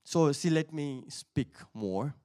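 A man's voice: on the high side, expressive, slow, a little mellow, clear, resonant tone. A man preaching a sermon, telling a personal testimony in a loose, conversational way, laughing often, then rising into emphatic calls to the listeners. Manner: conversational storytelling that builds to emphatic exhortation; laughs often between sentences.

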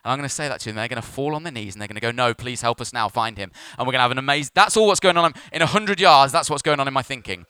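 A man's voice: mid-range voice, racing, hardly any pauses, sharp tone, clean tone, dry recording. A man, a pastor preaching a sermon in church and telling a story with self-mocking humour.

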